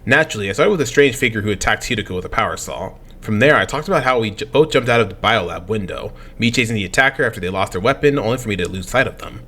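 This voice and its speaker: Brief: young male let's play host, quick, lively reading of game dialogue, stumbles and self-corrects. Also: lowish voice. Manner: animated, stumbling over words. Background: game music.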